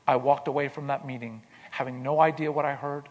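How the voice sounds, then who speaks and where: A man telling a personal story in an earnest way, repeating words as he starts and going quiet in tender moments. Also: medium pitch, steady tone, brisk, in a large hall, lo-fi sound. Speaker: speaker telling his life story.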